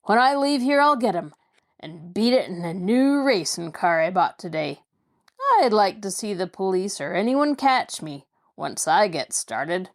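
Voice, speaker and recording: A woman's voice: mid-range voice, animated, measured pace. A woman voicing a ruthless, boastful male crook who sneers and gloats. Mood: gloating.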